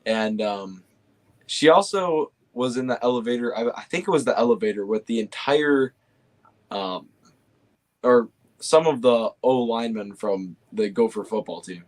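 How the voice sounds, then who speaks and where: A young man chatting casually and easily, often pausing with fillers and restarting his sentences. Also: mid-range voice, a little mellow. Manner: easygoing, hesitant with fillers and restarts. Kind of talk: casual chat.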